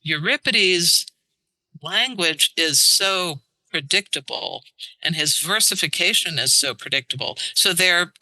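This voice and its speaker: A woman translator, a guest on a podcast, explaining in an animated way and tapping out verse rhythms aloud. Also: fairly low pitch, a little slow, no room sound, poor audio. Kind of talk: casual podcast interview. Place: studio.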